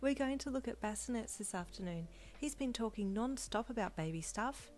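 A woman voicing a young pregnant woman who speaks softly and a little bashfully, in a fanfiction reading. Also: on the high side, expressive, moderate pace, soft background music, voice pushed up, lightly acted. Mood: happy.

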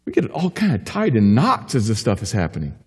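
A pastor preaching a sermon with emphatic delivery, rising to urgent questions and dropping to quiet assurance. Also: male voice, lowish voice, wildly swooping pitch, fast talker, husky, in a large hall. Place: church sanctuary.

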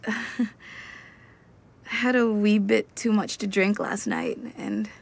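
A woman's voice: fairly high pitch, slow, vocal fry, darkish tone, full character voice. Hungover Scottish woman. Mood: apologetic. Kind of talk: game video acting.

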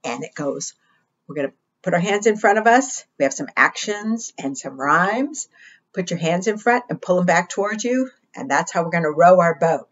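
A woman's voice: fairly low pitch, lively intonation, moderate pace, dull audio. A woman librarian singing and leading a children's action song, cheerful and encouraging as she talks to small children.

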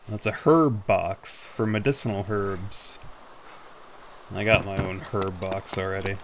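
A man's voice: sits low, fairly even intonation, unhurried, a bit bright, slight background noise. A man giving casual, rambling commentary over his own gameplay, self-mocking and casually swearing. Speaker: gaming YouTuber.

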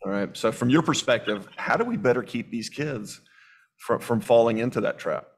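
A man's voice: medium pitch, lively intonation, moderate pace. A man hosting an interview, affirming and encouraging his guest while he reads out audience chat. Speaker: host.

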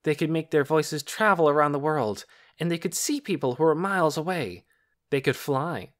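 A man's voice: fairly high pitch, normal speed, fairly bright tone, voice pushed up, lightly acted. A man voicing a smug, self-important boy who talks in a precise, teacherly way in an audiobook. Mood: lecturing. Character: smug know-it-all boy, superior. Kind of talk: audiobook character reading.

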